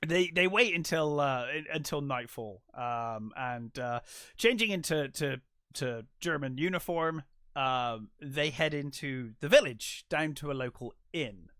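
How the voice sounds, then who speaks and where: Guy on a movie podcast, bright kinda high voice, dry close mic, gets animated. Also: unhurried, no room sound. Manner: animated, acts out his own reactions in quotes. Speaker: podcast co-host. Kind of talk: casual film discussion.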